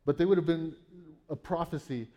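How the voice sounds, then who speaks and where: Man preaching with mellow, slightly high voice. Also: normal speed. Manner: explains scripture conversationally, asking "right?" often; reads Bible verses aloud, then paraphrases them. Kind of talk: sermon.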